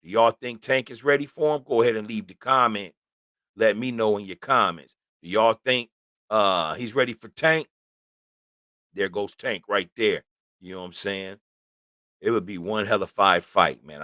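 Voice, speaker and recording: A man's voice: mid-range voice, a bit bright, no echo, studio quality. A middle-aged man hosting a casual sports talk show, chatting loosely and keeps asking "you know what I'm saying". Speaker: host.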